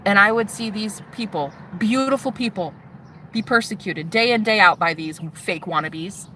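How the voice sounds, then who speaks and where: A woman vlogger telling her personal story to camera, animated and sassy, swearing freely and calling the viewer "honey". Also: medium pitch, normal speed, a little hiss or hum. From United States. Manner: swears freely, shouts mocking retorts.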